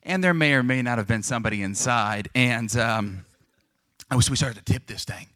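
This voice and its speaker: Joking young pastor preaching, dry close sound. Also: male voice, medium pitch, normal speed, dry recording. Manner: lively, joking, acts out quoted voices. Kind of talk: sermon.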